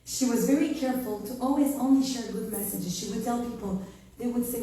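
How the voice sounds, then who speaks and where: A woman's voice: on the high side, fairly quick, far from the mic. French-accented woman telling stories, echoey room. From France. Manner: animated storytelling. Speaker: Torah teacher. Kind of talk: inspirational talk.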